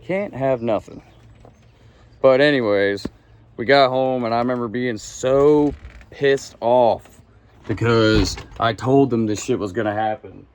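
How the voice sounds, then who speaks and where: A man's voice: medium pitch, measured pace, a little hiss or hum. Man rambling through a story. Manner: rambling, slangy, chuckles between lines. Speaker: channel host and storyteller. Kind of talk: casual storytelling to camera. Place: at home with pets nearby.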